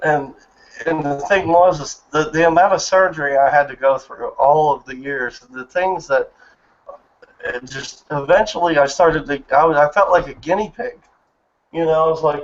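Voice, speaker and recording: A man's voice: fairly high pitch, moderate pace. Earnest man in his thirties, muffled chat audio. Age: 30s. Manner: earnest, emotional personal storytelling. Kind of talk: casual chat. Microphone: online voice chat.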